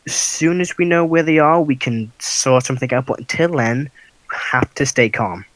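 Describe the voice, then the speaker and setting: A man voicing a stern woman town marshal in armor, brisk and matter-of-fact, in a tabletop game. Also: medium pitch, fairly bright tone, no room sound, close to an everyday voice, low-quality recording. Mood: firm.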